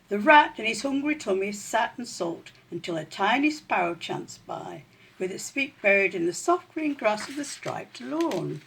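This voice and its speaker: A woman reading a children's story aloud in an expressive, animated way. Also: medium pitch, a little slow, creaky, husky.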